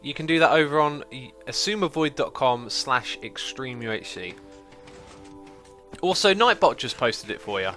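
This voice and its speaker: A man's voice: medium pitch, animated, moderate pace, sharp tone, soft background music. A man hosting a casual gameplay livestream, chatting away and reading out messages from viewers. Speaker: livestream host.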